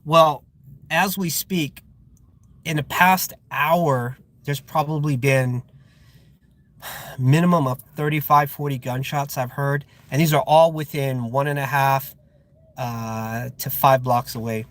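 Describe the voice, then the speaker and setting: A man's voice: medium pitch, fairly even intonation, slow pace, a bit bright. Irritated rambling security guard man. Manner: rambling, irritated, with frequent fillers and restarts. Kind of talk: casual live-stream chat. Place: outdoors at a guarded facility.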